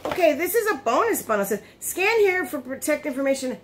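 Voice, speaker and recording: Lively, chatty woman unboxing on a phone. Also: sits high, fast, a little hiss or hum. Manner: chatty, easily surprised, laughs often. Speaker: beauty vlogger. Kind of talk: casual unboxing chat.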